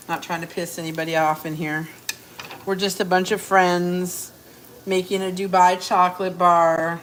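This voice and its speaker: A woman's voice: fairly low pitch, a bit bright, a little hiss or hum. A woman hosting a live cooking stream from her home kitchen, brash and joking, talking straight to her viewers. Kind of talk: chatty live cooking demo.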